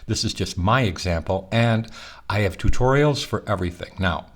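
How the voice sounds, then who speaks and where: A middle-aged male college professor with a slightly rough morning voice, talking students through an online course in a conversational, reassuring way with fillers and restarts. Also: on the low side, normal speed. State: morning voice, clearing throat. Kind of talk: recorded online course walkthrough.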